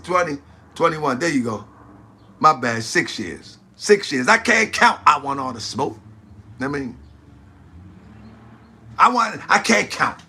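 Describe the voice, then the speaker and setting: A man's voice: on the high side, bright, forceful tone, a little hiss or hum. A man hosting a livestream commentary show, talking to his viewers, exclaiming and laughing often. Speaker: host of an online talk channel.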